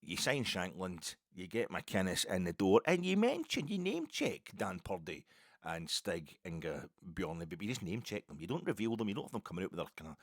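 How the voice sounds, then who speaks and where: A man's voice: sits low, dry recording. A Scottish man hosting a solo football podcast, talking in a sardonic, mocking and sweary way, close to his camera at his home recording set. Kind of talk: solo commentary monologue. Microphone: close to camera, face fills the frame.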